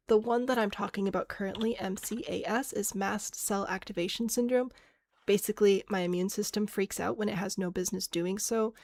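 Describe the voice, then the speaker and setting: A woman's voice: mid-range voice, no echo. A woman streaming a game, chatting casually, thinking aloud and answering chat with self-mocking laughs. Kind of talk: casual live-stream chat while playing.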